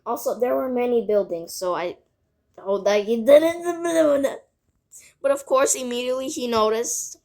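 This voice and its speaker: A woman's voice: on the high side, a little slow, a little mellow. A female voice telling a casual storytime vlog, rambling with lots of "like" and side remarks. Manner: rambling, filled with "like", frequent asides.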